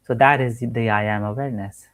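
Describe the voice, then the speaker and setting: A man of average pitch gives a spiritual teaching talk from home. He speaks earnestly and in loops, repeating key phrases and stopping to fix his own wording. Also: steady tone, brisk, fairly bright tone. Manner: earnest, repetitive, restarts and self-corrections. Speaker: manifestation coach. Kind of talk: spoken teaching monologue.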